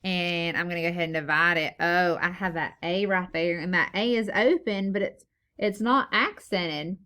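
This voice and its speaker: A woman teacher leading a phonics lesson for young children, slow and encouraging, sounding out words syllable by syllable. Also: lowish voice, sharp tone, smooth. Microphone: recorded lesson video.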